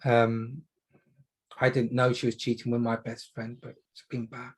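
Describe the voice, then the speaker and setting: A man playing a low, tearful young male patient in a role-play demonstration, speaking quietly and trailing off. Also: monotone, normal speed, breathy edge, natural voice. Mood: downcast.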